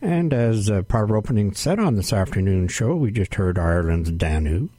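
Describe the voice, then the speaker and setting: A man hosting a radio music show from a studio, announcing tracks in an unhurried way with frequent "uh" fillers. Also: on the low side, expressive, dark tone, slightly rough, no room sound. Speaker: radio host.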